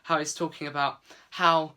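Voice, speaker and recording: A man's voice: a little high, level tone, normal speed, pushed and bright, clear, resonant tone. A man giving a casual, earnest book review vlog, chatty with many fillers.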